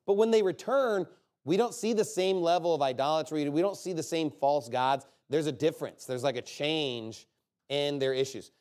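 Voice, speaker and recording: A man delivering a sermon in a slightly high-pitched voice. He preaches conversationally, peppering his points with "okay?" and "you know." His delivery swings between low, quiet asides and loud, forceful bursts. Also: moderate pace.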